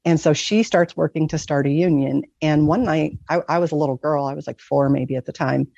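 A middle-aged woman from Michigan recounts a personal experience in a casual, earnest, rambling way, full of fillers. Her voice has a gravelly edge. The recording is dry and a little dull. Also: sits low, a little fast, mellow, no room sound. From Michigan, USA. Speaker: guest telling a near-death story.

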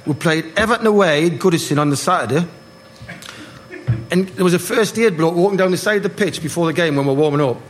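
Older guy telling footy stories, slightly high voice, noisy live room. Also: fast talker. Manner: animated anecdotes, acting out voices, laughing. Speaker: guest, former footballer. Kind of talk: live storytelling on stage. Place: live party event.

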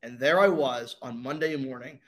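A young man, a racing driver, telling his story in a casual interview with dramatic pauses and energy. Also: medium pitch.

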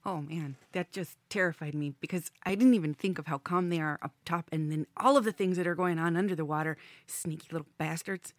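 A woman's voice: lowish voice, brisk, few pauses, no echo. A woman hosting a casual group chat, playful and often whispering. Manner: playful, whispering much of the time. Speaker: host.

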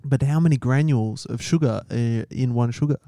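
Sweary podcast host, dark voice. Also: male voice, medium pitch, a little fast, dry recording, clean studio sound. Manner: blunt, swears often, teasing. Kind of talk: casual podcast banter.

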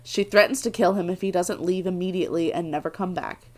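A young woman co-hosting a podcast, casually recapping a TV episode in animated, laughing chat with some swearing. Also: lowish voice, quick pace. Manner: animated, laughs often, swears when excited. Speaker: podcast co-host, first-time watcher.

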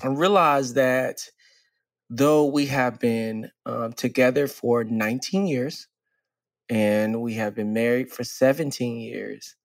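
A man in his forties talks earnestly on a podcast, a coach musing on relationships. He lingers on key phrases in an even, middle-pitched voice. The sound is close and dry. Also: gravelly, no room sound. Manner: earnest, reflective, drawls key phrases slowly. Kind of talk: casual podcast conversation.

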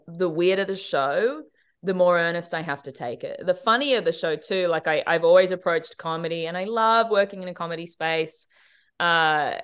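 An Australian woman, a TV director, chatting in a casual podcast interview and telling animated stories full of quick asides. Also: lowish voice, smooth. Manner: animated storytelling with quick asides and frequent laughs. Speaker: TV director, guest.

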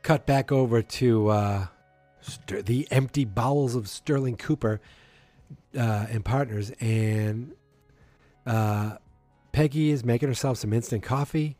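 Male recap host, casual and rambling, mellow tone, dry close recording. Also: mid-range voice, a little slow, dry recording, faint music behind. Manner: rambling, acts out characters' lines in passing, frequent ums.

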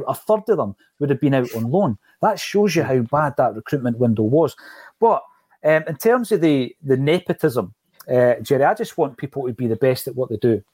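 A man's voice: mid-range voice, a little mellow, no room sound. A man hosting a casual football podcast, talking in an emphatic, rhetorical way. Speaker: podcast host.

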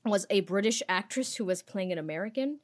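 A woman's voice: mid-range voice, animated, fairly quick. Sarcastic young woman podcast host. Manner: sarcastic, opinionated, mock accents. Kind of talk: casual chat.

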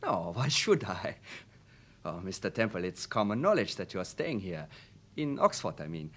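In a low, sing-song, slightly bright voice at a moderate pace, an actor fully voices a character in a radio drama: a nervous young adult male student who stammers and hesitates, coming across as evasive yet eager.

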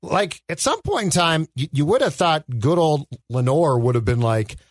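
A man co-hosting a casual movie podcast, talking in an animated way and asking rhetorical questions. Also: moderate pace, no room sound, studio quality. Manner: animated, rhetorical, swings in pitch. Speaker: podcast co-host.

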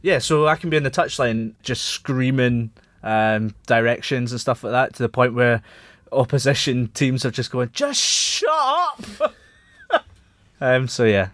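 A man hosting a casual football podcast, chatty and quick to laugh at himself. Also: medium pitch, steady tone, no echo. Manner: chatty, laughs often, self-mocking. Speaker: podcast host. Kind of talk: casual sports podcast chat.

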